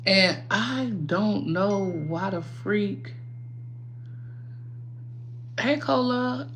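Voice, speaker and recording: A woman's voice: mid-range voice, noisy background. A woman hosting a casual livestream while doing her makeup, chatty and rambling, swearing freely and talking straight to her viewers. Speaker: livestream host.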